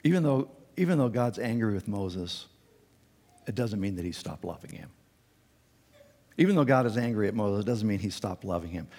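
A male pastor preaching a sermon, animated and acting out the quotes with a raised voice. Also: normal speed, long pauses. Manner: animated, acts out quotes with raised pitch and volume. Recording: long reverb in a large hall.

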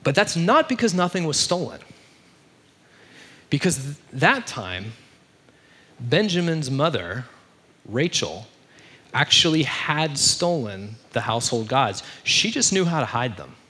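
A man's voice: mid-range voice, sing-song, unhurried, long pauses, pushed and bright, breathy edge. A young man retelling a story in a sermon, casual and conversational, peppered with fillers. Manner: conversational, many fillers like "like" and "you know".

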